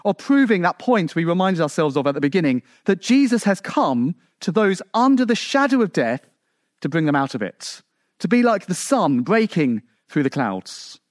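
An English preacher delivers his sermon in a bright, high voice that leaps and falls, climbing to emphatic peaks and sinking to quiet lows. He talks conversationally, full of asides and rhetorical questions. The sound is dry and close, with no room echo. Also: moderate pace. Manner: animated, rising to emphatic peaks then dropping low.

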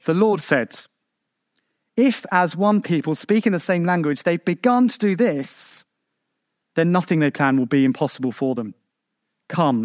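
Emphatic high-voiced preacher, dry sound. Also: male voice, dry recording. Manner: emphatic, rhetorical questions to the congregation; shifts pitch sharply for emphasis. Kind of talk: sermon.

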